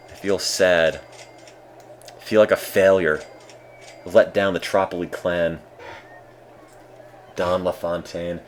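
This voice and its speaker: A man chats through a game on a live stream in a deep, low voice. His delivery is deadpan and dryly self-mocking, with a faint ambient hum in the background. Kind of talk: casual live-stream commentary.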